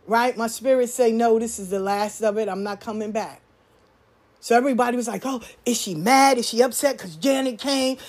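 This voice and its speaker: High-pitched woman, blunt and profane, animated storyteller speaking candidly. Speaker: spiritual practitioner.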